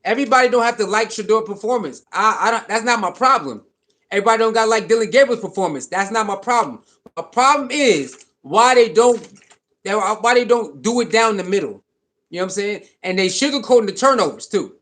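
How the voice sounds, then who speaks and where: High-voiced man hosting a casual livestream. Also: a little fast. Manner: animated, repetitive, reads chat comments aloud. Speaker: livestream host.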